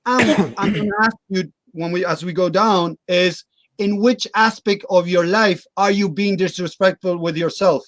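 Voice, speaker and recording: A man's voice: high-pitched, steady tone, normal speed, a bit bright, dry recording. A middle-aged man, a guest coach in a casual interview, explaining his views earnestly with everyday examples.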